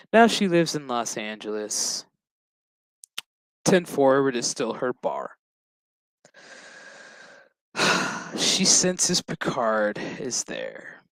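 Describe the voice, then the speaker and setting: A man's voice: medium pitch, a bit bright, no echo. A man giving a casual, profane, sarcastic recap of a TV episode. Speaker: show reviewer.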